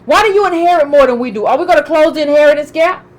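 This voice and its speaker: Woman ranting about politics, high pitched, repeats herself a lot. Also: very fast, poor audio. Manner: emphatic, repeats herself, asks pointed questions. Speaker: political commentator. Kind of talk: political commentary.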